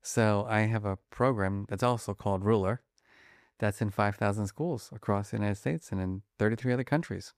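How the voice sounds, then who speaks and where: Guy w/ a gravelly low voice, talks fast and acts out examples, dry studio sound. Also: no echo. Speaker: guest, emotion researcher. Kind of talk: conversational interview.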